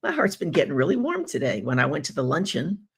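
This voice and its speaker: Husky, gravelly-voiced woman coaching host. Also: sits low, quick pace. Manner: animated, effusive, asks rhetorical questions. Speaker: business coach and show host. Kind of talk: live-stream talk, reading viewer comments aloud.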